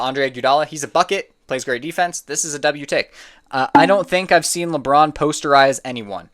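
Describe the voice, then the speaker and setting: A man's voice: mid-range voice, fairly bright tone. A man giving casual reaction commentary on sports opinions, opinionated and prone to getting heated and exasperated. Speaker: sports content creator.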